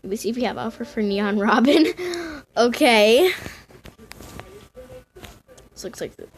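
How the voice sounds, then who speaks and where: A woman giving casual game commentary to her viewers in an excitable way, often squealing and gasping. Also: fairly high pitch, slow pace, pauses often, slightly rough. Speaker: gaming video host.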